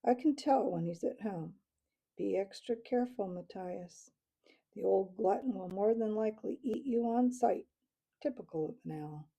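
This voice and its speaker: A woman's voice: mid-range voice, moderate pace, gravelly, dark tone, breathy edge, poor audio. A woman voicing a refined, idly disdainful male cat squire in a storybook reading. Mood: genteel. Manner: idle, genteel, mildly disdainful.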